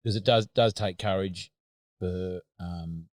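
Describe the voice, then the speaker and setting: A very deep-voiced Australian man hosts a casual chat. He rambles and hesitates, leaning on fillers as he works out his thoughts. The recording is dry and close. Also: slow pace, no echo.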